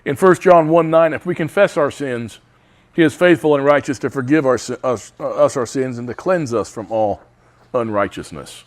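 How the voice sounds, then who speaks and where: A man's voice: mid-range voice, normal speed. A man teaching a Bible study, reading scripture aloud with emphasis.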